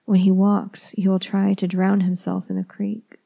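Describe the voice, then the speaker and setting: Gravelly, mellow woman reading a horror tale. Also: medium pitch. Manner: calm, measured, dropping into whispers. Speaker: storyteller. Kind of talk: first-person horror story reading.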